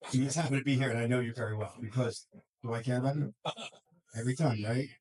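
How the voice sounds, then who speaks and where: A middle-aged man, a school counselor, talking casually to a room of students and parents, acting out quick quoted voices and often laughing. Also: mid-range voice, fairly even intonation, a little mellow, breathy edge, poor audio. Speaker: school counselor and life coach. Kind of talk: casual talk to a group.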